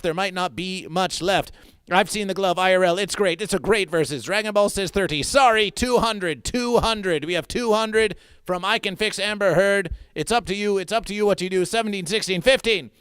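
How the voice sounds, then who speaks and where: A man doing absurdist livestream comedy, auctioning merchandise in a theatrical, repetitive patter that swings into mock-mournful lows. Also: brisk, a bit bright, clear, resonant tone, no room sound.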